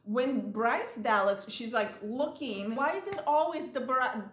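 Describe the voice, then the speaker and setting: A woman's voice: on the high side, a little slow, a bit bright, echoey room, slight background noise. A woman vlogging in a chatty, rambling way, retelling movie scenes with animation. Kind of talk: casual chat. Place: lives in San Diego.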